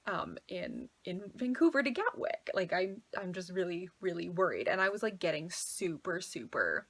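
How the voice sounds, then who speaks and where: Young woman, twenties, breathy, chatty casual storytelling, lots of "like". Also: lowish voice, big pitch swings, normal speed. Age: 20s. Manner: chatty, fills talk with "like", anxious retelling. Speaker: travel vlogger.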